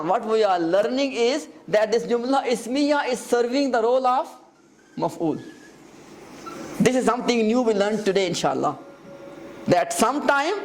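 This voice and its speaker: A grammar teacher in a live class who explains step by step, repeats key terms and often stops to ask the students whether they follow. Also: medium pitch.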